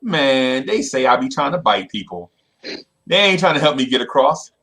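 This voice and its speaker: A man's voice: medium pitch, sing-song, normal speed, pushed and bright. A man voicing a streetwise male snake in a spoken fable. The snake talks in a slangy, drawling way and pleads to be carried across a river. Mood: pleading.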